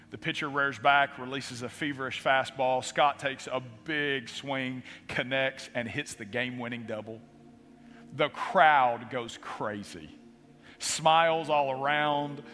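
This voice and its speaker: A man's voice: mid-range voice, pushed and bright. A man preaching a sermon as pastor, telling the story with dramatic pacing, in a church sanctuary. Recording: reverberant hall with faint music.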